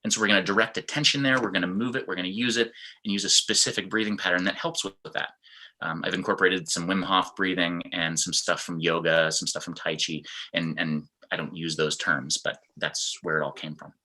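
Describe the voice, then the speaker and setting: A man with a fairly low but bright, forceful voice leads an online fitness class. He explains things step by step and breaks into demonstrations of how the same sentence sounds in different tones. It sounds like he is on a video call. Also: fairly even intonation, brisk, rough recording. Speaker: fitness instructor.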